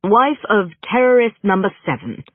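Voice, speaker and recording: A narrator voicing a cautious male talent agent who breaks bad news in a measured, hesitant way. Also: high-pitched, big pitch swings, dry recording, voice pushed up. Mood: placating. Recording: narrow phone-like band, dry.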